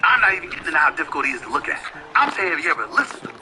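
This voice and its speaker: A man in his fifties, a sports commentator, delivering an impassioned, combative monologue with emphatic repeated questions that climb up high. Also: big pitch swings, very fast, background noise. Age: 50s.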